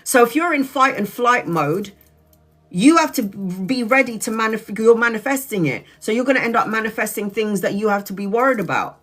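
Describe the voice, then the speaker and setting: A woman's voice: medium pitch, normal speed, a bit bright, faint music behind. A woman in her forties giving a live tarot reading, frank and direct, who swears casually as she talks to the viewer. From Brazil. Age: 40s. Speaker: tarot reader.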